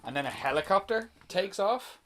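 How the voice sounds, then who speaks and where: A man's voice: sits high, animated, normal speed, fairly bright tone. A man on a podcast, casually retelling a film's plot in a loose, profane way with lots of fillers. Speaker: podcast host reviewing a film. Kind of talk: casual chat.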